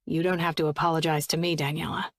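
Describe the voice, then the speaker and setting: A woman voicing a gruff, guarded young man who talks low and blunt, clipped and swearing. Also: level tone, fast, no room sound, clean studio sound, natural voice. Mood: tense, guarded.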